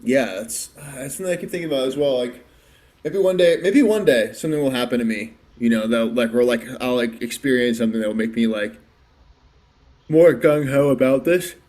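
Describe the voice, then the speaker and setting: A man's voice: medium pitch, fast, darkish tone. A man as a podcast guest in casual chat, hesitant and thinking aloud with frequent restarts.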